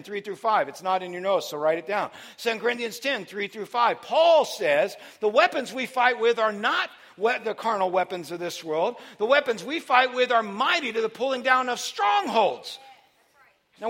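High-voiced, bright male preacher. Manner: swings from quiet teaching to loud shouted preaching. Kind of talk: sermon.

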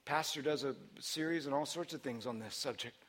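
A man preaching a sermon, telling a story with lively buildups into shouting. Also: medium pitch, brisk.

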